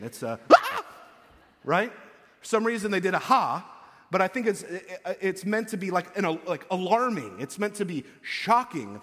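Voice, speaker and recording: Man, pastor, casual sermon, animated, somewhat high voice, echoey church hall. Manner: casual, animated, acts out quotes. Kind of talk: conversational sermon.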